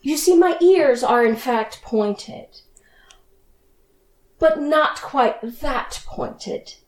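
A woman voicing a haughty, passive-aggressive woman raised by humans, who speaks in a soft, cold and condescending way. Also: high-pitched, lively intonation, extremely slow, echoey room, heavily acted, rough recording. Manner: icy, condescending, speaks softly.

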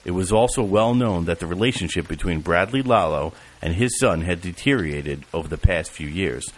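A man narrating an audiobook in an even, measured reading style. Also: low voice. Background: music and rain.

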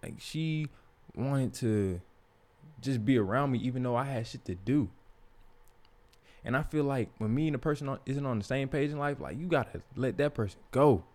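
A man's voice: medium pitch, normal speed. A young man, telling a personal story as a podcast host in a candid, profane, casual way. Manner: profane, candid, animated when quoting others.

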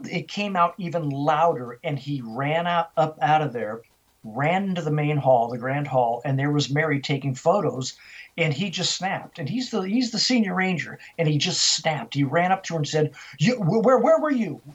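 Husky older man telling stories. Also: a little high, moderate pace, dull audio. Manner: vivid storyteller who acts out dialogue. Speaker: interview guest, author. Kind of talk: storytelling interview.

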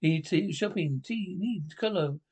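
An actor playing a foreign television newsreader who speaks in made-up gibberish, in a sketch comedy show. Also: male voice, sits high, darkish tone, slightly rough. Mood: bulletin. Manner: rapid mock-foreign gibberish delivered like a bulletin.

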